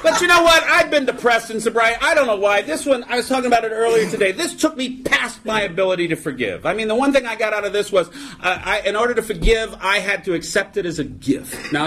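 Wry, lively storytelling man. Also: high-pitched, slight background noise. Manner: wry, storytelling, self-mocking, many "you know"s. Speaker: recovery meeting speaker. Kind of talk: comedic recovery talk to a live audience.

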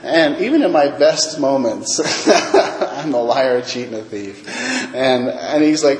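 A man's voice: medium pitch, lively intonation, normal speed, a little mellow. A man telling his recovery story at a meeting, self-mocking, acting out the other voices in his tale. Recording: echoey hall.

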